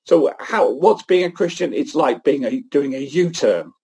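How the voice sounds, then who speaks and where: A man giving an earnest, animated sermon-like talk at a church event. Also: mid-range voice, a little slow, slightly rough. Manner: earnest, animated, often restarts phrases. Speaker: guest speaker at a church event.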